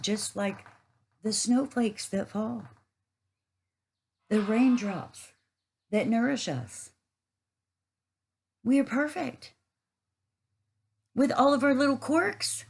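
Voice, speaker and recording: A woman's voice: on the high side, expressive, slow pace, gravelly, pauses often, darkish tone, husky, low-quality recording. A woman giving a rambling, casual spiritual monologue, earthy and swearing freely.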